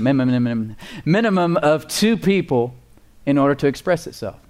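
A man's voice: a little high, darkish tone. A man preaching a sermon as pastor, emphatic, with call-and-response asides and repeated words for emphasis.

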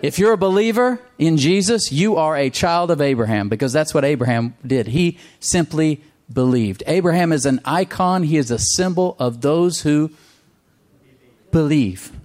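A man's voice: a little high, lively intonation, moderate pace, darkish tone. A man preaching a sermon with emphatic repetition, often asking the congregation for an amen. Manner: emphatic, calls for amens, repeats phrases.

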